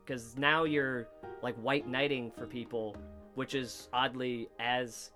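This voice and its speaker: A man's voice: medium pitch, slow, faint music behind. A man hosting a casual comedy podcast, rambling and swearing as he acts out little exchanges, recorded in a basement studio. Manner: rambling, swears often, animated quoting. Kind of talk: casual chat.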